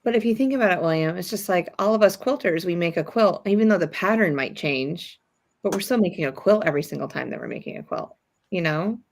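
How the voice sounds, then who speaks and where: A woman's voice: lowish voice, lively intonation, fast talker. Chatty woman co-hosting a sewing stream. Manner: chatty, encouraging, reads viewer comments aloud. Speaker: co-host of sewing livestream. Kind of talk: casual chat.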